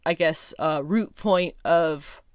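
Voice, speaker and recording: A woman hosting a casual solo review podcast, chatty and sarcastic, laughing often and filling pauses with ums. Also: sits low, dry recording, studio quality. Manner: chatty, lots of ums and restarts. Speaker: podcast host.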